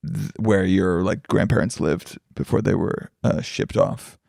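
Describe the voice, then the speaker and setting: Male podcast host, teasing and quick to jump in, gravelly fry, dry close sound. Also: low-pitched, steady tone, darkish tone, no room sound. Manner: teasing, quick interjecting questions. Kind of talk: casual podcast chat.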